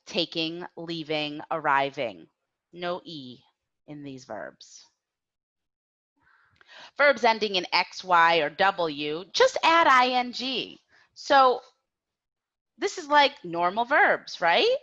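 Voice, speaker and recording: A woman teaching a grammar lesson, speaking slowly and clearly and having learners repeat after her. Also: lowish voice, sing-song, bright, forceful tone, dull audio. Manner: slow, clear, drills learners with repetition. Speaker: English teacher.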